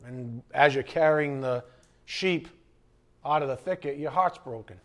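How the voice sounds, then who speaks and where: A man preaching a sermon as pastor, lively and conversational, asking the congregation questions. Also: mid-range voice, a little slow. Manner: animated preaching, acting out scripture quotes and asides.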